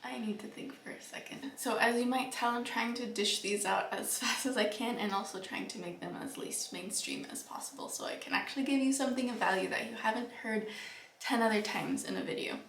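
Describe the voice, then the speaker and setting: A young woman vlogger giving earnest, reflective advice to the camera, with soft laughs and fillers. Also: on the high side, a little fast, creaky, far from the mic, slight background noise. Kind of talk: casual advice talk to camera. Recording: echoey room, voice a bit off-mic.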